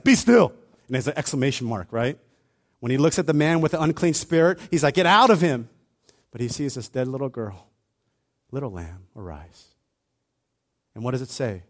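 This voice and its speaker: A man preaching a sermon in a conversational, animated way, acting out little asides as he retells the story. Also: medium pitch.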